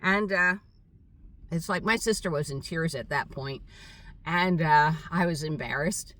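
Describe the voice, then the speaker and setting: Older woman, rambling vlog story, halting with fillers, voice a little distant from the mic. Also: low voice, fairly bright tone. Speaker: vlogger. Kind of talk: casual storytelling monologue. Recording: voice set back from the mic.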